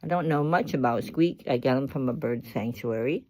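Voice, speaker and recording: An older woman talking casually about her parrot in her workshop, coaxing it in a high sing-song voice. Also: normal speed, darkish tone. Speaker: pet owner. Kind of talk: casual pet vlog.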